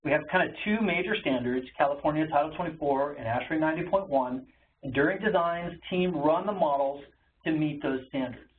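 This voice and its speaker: A man's voice: a little high, fairly quick. A man giving an educational webinar presentation in a conversational way, with frequent ums and uhs. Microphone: webinar call audio. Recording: tinny phone-like webinar audio with faint noise.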